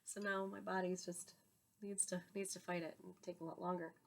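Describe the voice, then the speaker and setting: A woman's voice: on the low side, flat delivery, brisk, gravelly. Congested, nasal woman chatting casually. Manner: chatty, laughs often, apologetic. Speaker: knitting podcast host and yarn dyer. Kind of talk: casual chat to camera. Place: home room with yarn shelves behind.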